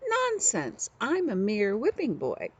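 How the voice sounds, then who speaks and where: A woman's voice: on the high side, wildly swooping pitch, takes it slowly, breathy edge, voice pushed up, full character voice. A woman voicing a clever, scheming street-boy servant in a storybook reading, acting grand to fool his captors. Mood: crafty. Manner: crafty, putting on airs.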